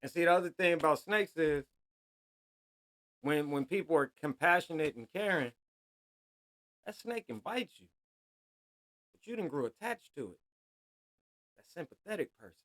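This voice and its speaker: A man's voice: fairly high pitch, animated, normal speed, pauses often, fairly bright tone. Blunt, slangy man lecturing on a podcast. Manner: blunt, profane street-slang storytelling; preachy, lecturing the listeners. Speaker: podcast host. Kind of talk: solo podcast monologue.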